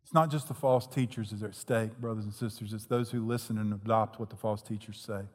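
A pastor preaching an earnest, emphatic sermon in a church hall. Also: male voice, lowish voice, steady tone, brisk, a little mellow. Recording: long echoing hall reverb.

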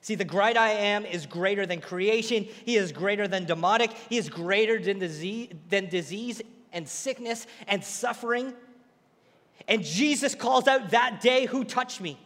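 A man preaching a sermon, retelling a story with lively, acted-out quotes. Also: sits high, measured pace, long reverb tail.

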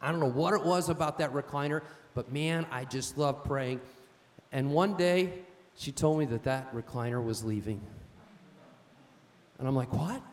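A man's voice: medium pitch, normal speed. A male pastor preaching a sermon, telling stories with emphasis and asking "amen?". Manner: emphatic, storytelling, calls out "amen?". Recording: long reverb of a church hall.

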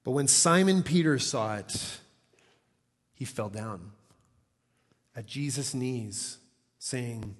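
Animated, conversational male preacher. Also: medium pitch, takes it slowly, long pauses, in a large hall. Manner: animated, conversational, acts out quotes. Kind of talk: sermon.

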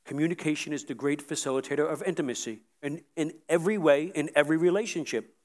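A man's voice: on the high side, quick pace, darkish tone. A middle-aged male pastor preaching a sermon, earnest and often repeating words, building to emphatic peaks.

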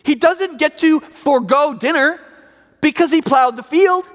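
High-voiced man preaching in a reverberant hall. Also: measured pace, a bit bright. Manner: conversational, emphatic, frequent "right?" asides. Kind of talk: sermon.

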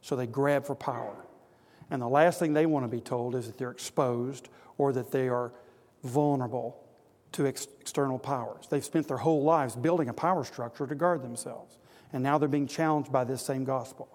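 A man's voice: mid-range voice, normal speed, darkish tone, long reverb tail. A man preaching a sermon to an audience of men, earnest and exhorting, building to emphatic repetition.

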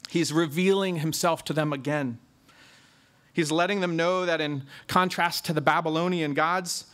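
A man with a fairly high voice preaches through a passage of scripture. He leans hard on key words and stretches them out for emphasis. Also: fairly bright tone. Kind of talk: expository sermon.

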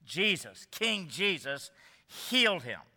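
A man's voice: high-pitched, very animated, takes it slowly, creaky, sharp tone. A man preaching an expository sermon, earnest and emphatic, often asking the congregation rhetorical questions. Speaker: pastor. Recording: echoey hall reverb.

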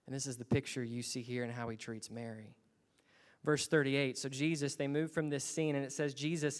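A man's voice: a little high, long reverb tail. A man preaching a sermon in a church, earnest and building to emphatic bursts. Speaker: pastor.

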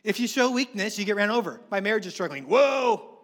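A man preaching a sermon as pastor, animated and acting out quoted voices as he tells stories. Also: sits high, quick pace. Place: church hall with congregation. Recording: long reverb of a large hall.

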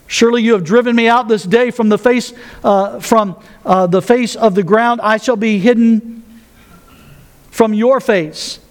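A man's voice: high-pitched, measured pace. A man pastor preaching a sermon, folksy with joking asides, reading scripture aloud.

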